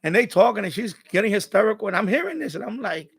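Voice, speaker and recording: Man, high voice, gravelly, husky, animated storyteller, laughs a lot. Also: quick pace. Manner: animated, laughs often, gossipy. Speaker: live stream host. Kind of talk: casual storytelling.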